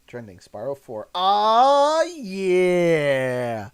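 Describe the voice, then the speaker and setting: Playful joking man, lively pitch. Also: slow pace, hardly any pauses, smooth. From Canada. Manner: playful, joking, laughs often. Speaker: livestream host. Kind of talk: casual livestream chat.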